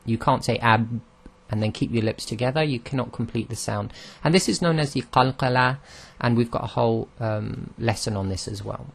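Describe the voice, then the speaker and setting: A man of middle pitch gives a recorded lesson on how Arabic letters are pronounced. He explains patiently, step by step, and models each sound aloud for his listeners to copy. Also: a little fast, creaky. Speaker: Arabic pronunciation teacher.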